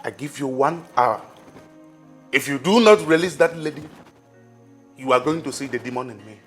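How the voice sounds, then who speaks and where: A man's voice: mid-range voice, moderate pace, fairly bright tone, soft background music, close to an everyday voice. An actor playing a man who threatens a woman into releasing a hostage, in a firm, threatening manner. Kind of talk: Nollywood film drama.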